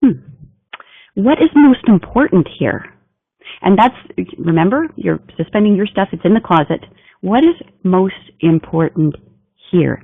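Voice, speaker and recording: A communication trainer with a medium-pitched voice and vocal fry delivers a business training talk in an emphatic, coaching style. The recording is dry and tinny, like a phone.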